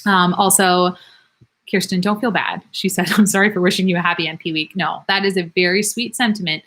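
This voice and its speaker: A woman's voice: lowish voice, steady tone, a little fast, fairly bright tone. A woman in her thirties, a nurse practitioner, answering viewer comments in a candid, self-deprecating live Q&A. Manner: chatty, candid and self-deprecating, with frequent laughs.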